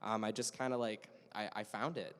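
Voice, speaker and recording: A man's voice: lowish voice, fairly even intonation, normal speed, fairly bright tone, clean tone. A young man chatting upbeat on a convention panel, laughing often. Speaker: voice actor panelist. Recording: long hall reverb.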